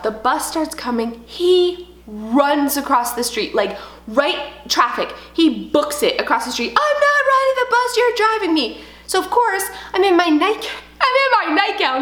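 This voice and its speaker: A woman in her thirties, a home decor vlogger telling a story in casual, animated chat. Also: a little high. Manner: chatty, animated storytelling with laughs. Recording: echoey room.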